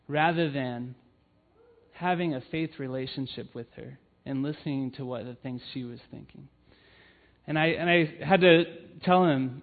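A man giving a sermon, telling personal stories in an earnest way with frequent "um"s. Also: a little high. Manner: earnest storytelling with frequent fillers. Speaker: church family ministry leader. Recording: tinny phone-like sound.

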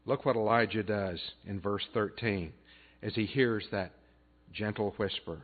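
A man preaching a sermon as pastor, earnest, building up loud and then dropping soft. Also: lowish voice, unhurried. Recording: tinny phone-like band.

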